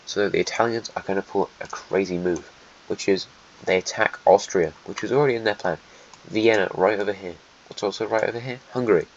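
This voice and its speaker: Male narrator, lowish voice, dry sarcastic map commentary, dull home mic with faint hiss. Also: fairly quick. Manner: offhand, sarcastic, mutters asides while drawing. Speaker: alternate history narrator. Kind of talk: casual map-drawing narration.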